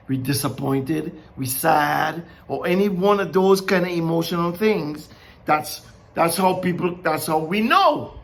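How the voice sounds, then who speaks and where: Lively high-voiced man preaching, bright tone. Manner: conversational, asks many questions, laughs often. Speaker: Bible teacher. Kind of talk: informal sermon.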